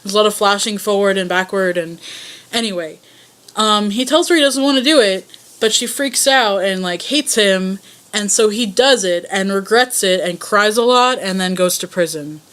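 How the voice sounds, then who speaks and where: A woman's voice: medium pitch, moderate pace, a bit bright. A young woman casually answering a voice tag, telling rambling stories in a self-conscious way. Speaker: vlogger.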